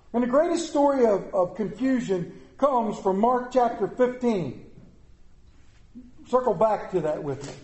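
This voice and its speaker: A middle-aged man preaching a sermon, with dramatic pauses and repetition. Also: very high voice, dark tone. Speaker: pastor. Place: church sanctuary. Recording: echoey room.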